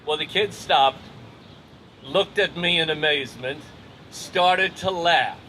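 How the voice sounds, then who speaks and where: Slow-spoken older Irish storyteller. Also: male voice, fairly high pitch, bright, forceful tone, slight background noise, low-quality recording. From Ireland. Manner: measured, wry, deliberate pacing. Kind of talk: live personal storytelling.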